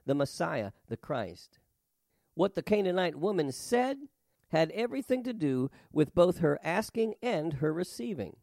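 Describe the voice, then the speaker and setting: Male preacher, emphatic and rhythmic, slightly high voice, dry close mic. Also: darkish tone, no room sound. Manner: emphatic, rhythmic delivery with rising stresses. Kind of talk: sermon with scripture reading.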